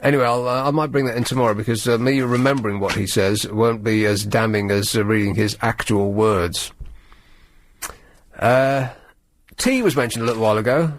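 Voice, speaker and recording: A man hosts a talk radio show from a studio. He rambles in a sardonic, halting way at a medium pitch. His voice sounds dry and close to the mic. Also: fairly even intonation, no echo. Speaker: radio host. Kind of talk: late-night talk radio monologue.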